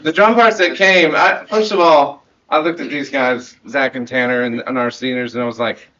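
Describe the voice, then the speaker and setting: A man in his thirties speaks to his marching band at season's end in an earnest, rambling way, often laughing and restarting his sentences. His pitch sits in an ordinary middle range. The audio is dull and lo-fi. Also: fairly even intonation, moderate pace, bright, forceful tone. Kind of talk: heartfelt end-of-season speech to students.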